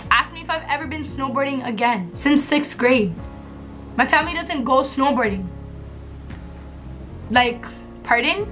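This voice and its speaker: A young woman telling a story as a vlogger in a casual, animated, blunt way, laughing often and using slang. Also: high voice, unhurried, pauses often, over music.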